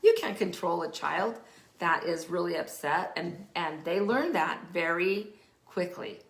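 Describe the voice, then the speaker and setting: A woman from the Denver area, a parenting specialist and teacher, gives casual explanatory advice in a lowish, creaky voice at a measured pace, with an echoey room around her. She is animated, acting out what children and parents say and dropping to a whisper for emphasis.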